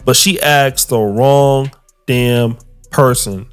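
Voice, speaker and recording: A man's voice: mid-range voice, takes it slowly, clear, resonant tone. A man narrating a recap in a wry, storytelling way. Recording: faint music underneath.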